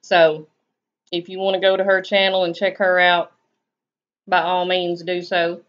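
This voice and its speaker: A woman's voice: on the low side, little pitch movement, measured pace, fairly bright tone. Chatty Southern woman on a live stream. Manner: chatty, drawling, laid-back. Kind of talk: casual chat reading viewer comments. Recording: dull lo-fi stream audio.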